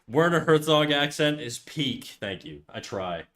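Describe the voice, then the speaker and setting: A man's voice: a little high, big pitch swings, unhurried, a bit bright. A man chatting casually on a live stream, rambling, self-deprecating and swearing freely. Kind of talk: casual livestream chat.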